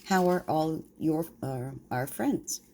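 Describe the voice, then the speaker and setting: A woman's voice: low-pitched, expressive, slow pace, warm tone, slight background noise, exaggerated voice. Johnny Town Mouse, as a grandmother puts him on, prim and huffy. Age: older. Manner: prim and a little sniffy.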